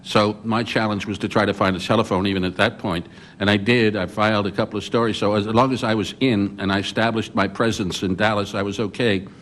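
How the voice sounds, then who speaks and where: In a conference hall, an older man on a journalists' panel recounts memories from his reporting days. He's an animated storyteller with a lowish, fairly quick voice who often restarts his sentences.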